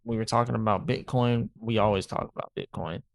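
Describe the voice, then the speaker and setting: Gravelly low-voiced man on crypto. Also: steady tone, fairly quick, no room sound. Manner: rambling, repeats "right?" often. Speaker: crypto channel host. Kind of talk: casual market commentary.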